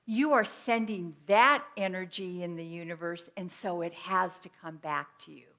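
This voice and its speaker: A woman's voice: lowish voice, moderate pace, pushed and bright. Earnest woman preaching a conversational sermon. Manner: earnest, personal, teaching with everyday examples. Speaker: minister.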